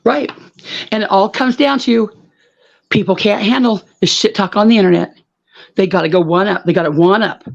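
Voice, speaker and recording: A woman rants on a live online panel, blunt and full of curses. She hammers the same point again and again. Her middle-pitched voice comes through a muffled, lo-fi call. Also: normal speed, creaky. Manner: blunt, profane, repetitive. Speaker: panel guest. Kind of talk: heated live panel rant.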